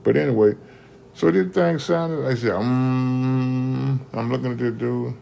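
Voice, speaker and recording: A man telling a casual story in an animated, slangy way, often restarting mid-sentence and tossing in "man.". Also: mid-range voice, moderate pace, creaky, slight background noise.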